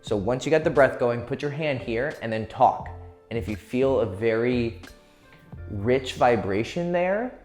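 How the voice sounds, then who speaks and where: A man's voice: medium pitch, animated, a little slow, a little mellow, faint music behind. A man giving casual dating advice, loose and profane, laughing easily as he explains. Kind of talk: casual instructional talk.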